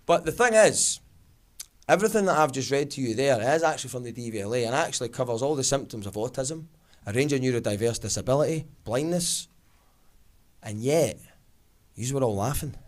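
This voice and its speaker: A Glaswegian man in his thirties performing a stand-up comedy set, telling stories and slipping into quick voices of his family. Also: medium pitch, lively intonation. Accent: Glaswegian Scottish. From Scotland. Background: audience laughter.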